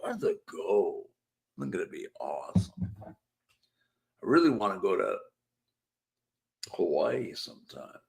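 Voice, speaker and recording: Male stream host, casual chat, joking, rambling, gravelly, lively pitch. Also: unhurried, long pauses. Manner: rambling, hums and sings snippets between chat; laid-back, joking. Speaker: live show host.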